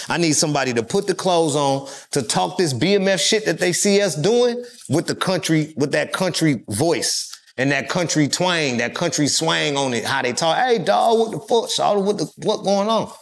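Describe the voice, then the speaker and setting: A man's voice: on the high side, animated, moderate pace, creaky, hardly any pauses, fairly bright tone. Loose-talking middle-aged man from California. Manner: loose, profane street talk with frequent fillers. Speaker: rapper and interview guest. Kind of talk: casual storytelling interview.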